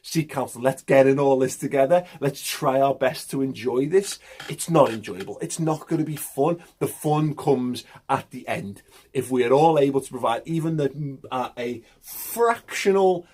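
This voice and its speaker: A man's voice: medium pitch, husky. A man giving an impassioned, emphatic monologue as a football fan vlogger, swearing and repeating himself for emphasis. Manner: emphatic, swearing, repetitive pep talk.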